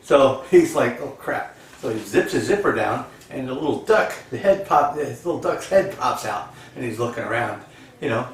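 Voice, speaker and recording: A man's voice: medium pitch, animated, normal speed. Rambling folksy man telling jokes. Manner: rambling, folksy, lots of "you know". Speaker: joke teller. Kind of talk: casual storytelling of jokes. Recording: echoey, distant, faint crowd and noise.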